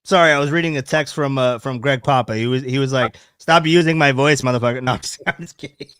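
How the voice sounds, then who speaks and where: A man's voice: mid-range voice, fairly bright tone, clear, resonant tone, no room sound, clean studio sound. A young man hosting a casual sports podcast, telling stories with frequent laughs. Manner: laughing, storytelling, quick asides. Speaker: podcast host.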